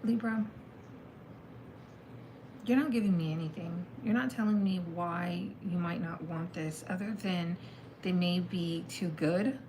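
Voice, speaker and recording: A woman's voice: lowish voice, unhurried, pauses often, darkish tone, a little hiss or hum, low-quality recording. A woman giving a casual live tarot reading, chatty and thinking aloud as she exclaims over the cards. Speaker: tarot reader.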